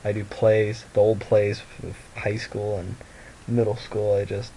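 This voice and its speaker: A man's voice: on the low side, flat delivery, unhurried, dark tone, a little hiss or hum, rough recording. A tired young man rambling casually in a vlog at home, with lots of fillers and restarts and a sleepy voice. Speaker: vlogger. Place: at home by a mirror.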